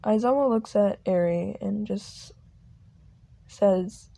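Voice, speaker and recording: A young woman narrating a fan audio drama slowly, halting and restarting. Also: medium pitch, steady tone, gravelly, mellow.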